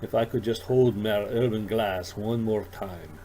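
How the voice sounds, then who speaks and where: A man's voice: on the low side, a little slow, a little hiss or hum, natural voice. A man voicing an eccentric old male alien shopkeeper who mutters to himself and rambles. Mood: longing. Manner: dithering, excitable, childlike. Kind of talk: audiobook character voice.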